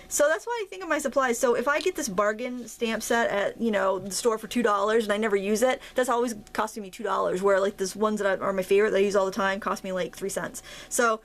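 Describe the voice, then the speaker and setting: A woman's voice: mid-range voice, fast, hardly any pauses. A woman with a Maine accent hosting a casual crafting tutorial, chatty and self-deprecating as she thinks aloud while working. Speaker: craft video host.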